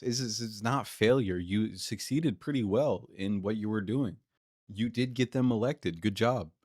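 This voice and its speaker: A man's voice: fairly low pitch, unhurried, darkish tone, dry recording, studio quality. A man streaming live, reacting to a clip with exasperated, mocking, profane commentary.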